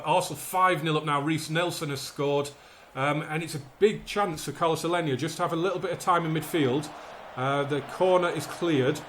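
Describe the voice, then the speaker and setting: A man doing live commentary as he plays a football management game, calling the action and fretting about results. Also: fairly high pitch. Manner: excitable, commentates like a match caller, frets aloud. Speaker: gaming YouTuber playing a football management game.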